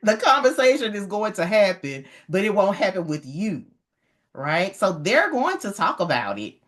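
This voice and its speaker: A middle-aged woman giving an animated, emphatic motivational talk on leadership, repeating her key points. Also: mid-range voice, moderate pace. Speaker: leadership educator.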